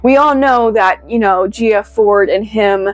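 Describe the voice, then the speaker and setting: A woman giving a casual, excitable video review, rambling with many "like" fillers. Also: mid-range voice, a little slow, soft background music. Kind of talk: casual commentary.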